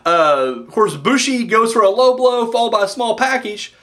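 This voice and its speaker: A young man casually recapping a wrestling show, excitable and rambling, with some swearing. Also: high-pitched, normal speed.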